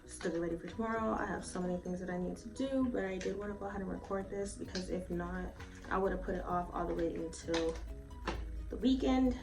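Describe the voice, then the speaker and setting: A woman's voice: fairly low pitch, a little fast, vocal fry, far from the mic. Woman, casual beauty vlogger, swears freely, rambling, voice a bit off-mic, faint music behind. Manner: chatty, swears freely, lots of "like" and "um". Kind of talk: casual try-on review.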